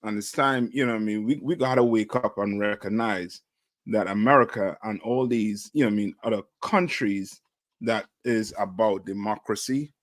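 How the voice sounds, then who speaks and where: A man's voice: on the low side, moderate pace, no echo. A man on a talk show panel, speaking emphatically and repeating "you know what I mean" as he makes his points. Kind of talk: casual opinionated chat.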